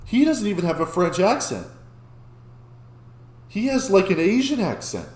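Male reaction host, slightly high voice, excitable and stammering, recorded in a roomy space. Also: takes it slowly, long pauses. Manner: excitable, restarts and stammers when amazed. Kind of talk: casual reaction commentary. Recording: echoey room.

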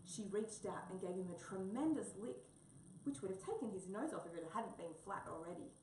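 A woman reading a children's story aloud in a steady way, recorded in a roomy space from a distance. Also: mid-range voice, normal speed, slight background noise. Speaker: reader. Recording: roomy, distant mic, faint ambience.

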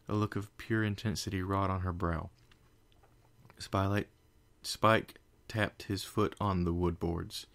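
A man's voice: sits low, fairly even intonation, slow pace, gravelly, long pauses, fairly bright tone. A man reading fan fiction aloud in plain storybook narration, with small slips and restarts. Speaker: reader.

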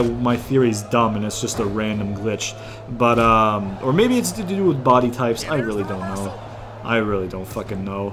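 A man's voice: mid-range voice, a bit bright, a little hiss or hum. A man giving casual, rambling gameplay commentary, thinking aloud and swearing freely. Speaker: gaming YouTuber.

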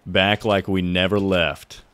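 A young man streaming a climbing game, chatting casually with viewers, swearing and bursting into loud frustrated yells. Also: sits low, little pitch movement, slow, smooth. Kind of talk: casual live gameplay commentary.

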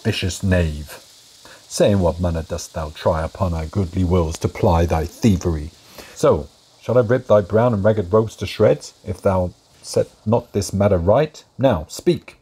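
A performer voicing a stern older male farmer in an amateur verse audio drama, speaking in a gruff, commanding way. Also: deep voice, a little slow, dark tone, full character voice.

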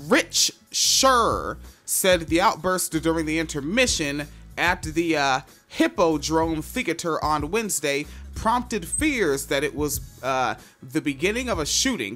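Male podcast host, profane, loose news riffing, lively pitch, faint music. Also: unhurried. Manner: profane, loose, reads news then riffs. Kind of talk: casual news commentary.

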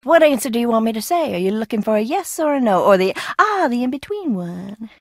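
A mocking, theatrical young woman lurking in a decaying mansion in a mystery game. Her fairly high voice leaps wildly up and down as she taunts and lashes out. The sound is close and dry. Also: sing-song, a little fast, no echo. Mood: sardonic. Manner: sardonic, theatrical, swinging between taunts and outbursts. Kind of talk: video game voice acting.

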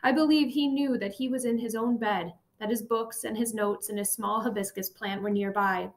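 A woman's voice: mid-range voice, steady tone, normal speed. Woman reading a somber memoir aloud. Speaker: audiobook narrator. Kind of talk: first-person memoir narration.

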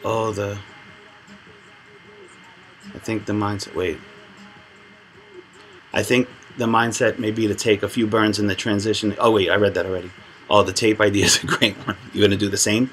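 A man's voice: fairly low pitch, fairly even intonation, a little fast, fairly bright tone, a little hiss or hum, low-quality recording. A man live-streaming a video game, talking to his viewers and reading chat, exasperated at the game and out of breath. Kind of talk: live gameplay commentary. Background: game music.

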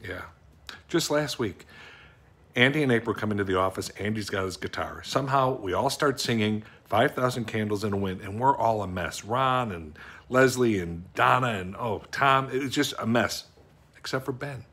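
A man's voice: on the low side, moderate pace, sharp tone, breathy edge. A man playing a bumbling, sweet office clerk. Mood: sentimental. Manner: rambling, fretful, easily choked up. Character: bumbling, sweet middle-aged male office worker. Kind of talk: improvised comic monologue to an unseen wife.

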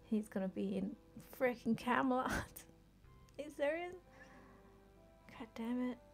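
A woman's voice: on the high side, expressive, takes it slowly, creaky, soft background music. A young woman streaming herself playing a game, chatting casually and often laughing and muttering to herself. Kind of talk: casual live-stream commentary while playing.

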